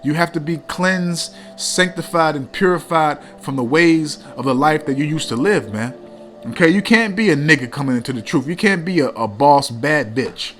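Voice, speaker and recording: Blunt, profane male street preacher, slightly high voice, faint music under. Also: normal speed, a bit bright. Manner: blunt and profane, repeats "man" often. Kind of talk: street sermon, reading scripture.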